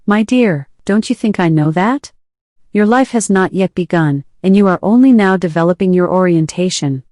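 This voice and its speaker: A woman voicing a possessive older sister who pleads and insists, read in her own lowish voice. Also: expressive, normal speed, dark tone, no room sound, studio quality, lightly acted. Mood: pleading. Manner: insistent, coaxing.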